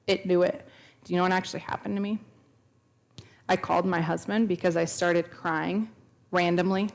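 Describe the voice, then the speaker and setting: A woman's voice: on the low side, fairly even intonation, moderate pace, gravelly. A woman in her thirties telling a personal testimony at a church, earnest and storytelling, acting out the dialogue she quotes. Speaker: speaker at a church. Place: church sanctuary.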